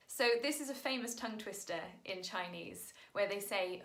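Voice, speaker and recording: A woman's voice: mid-range voice, takes it slowly, few pauses, a bit bright, roomy sound. A woman singer patiently explaining song lyrics to viewers, in an upbeat manner, sounding out Mandarin tones as she goes.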